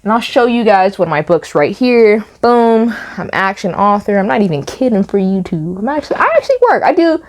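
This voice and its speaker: Young female commentator, animated and incredulous, casual vlog delivery. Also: medium pitch, normal speed, hardly any pauses. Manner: animated, exasperated, repeats phrases for emphasis. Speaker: YouTube commentator and author.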